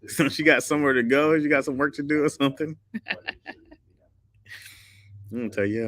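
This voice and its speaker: A man's voice: medium pitch, normal speed, long pauses, a bit bright. A man in his thirties chatting casually and jokingly, laughing often and acting out quotes. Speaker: streamer talking to chat. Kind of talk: casual chat.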